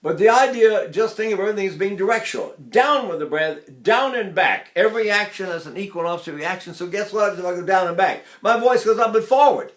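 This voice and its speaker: An animated man in his eighties gives a singing lesson with a bright, ringing voice. He speaks a little high for a man and drops into sung demonstrations and quick asides. The room is noticeably echoey. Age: 80s. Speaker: voice teacher.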